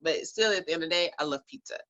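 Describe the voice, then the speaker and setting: A woman's voice: deep voice, very fast, a bit bright, highs cut off. A woman who runs a Reiki and herbal business, answering interview questions in a blunt, chatty way and laughing often.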